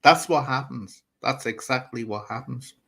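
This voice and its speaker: A man's voice: medium pitch, moderate pace, creaky, fairly bright tone, husky. A man hosting his own channel, rambling in gossipy livestream commentary, talking straight to viewers with many asides and restarts. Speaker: YouTube channel host.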